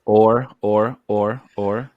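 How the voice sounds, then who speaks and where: Low-voiced enthusiastic podcast guy. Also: fairly even intonation, extremely slow, no echo, narrow, tinny audio. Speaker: podcast co-host. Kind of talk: casual chat.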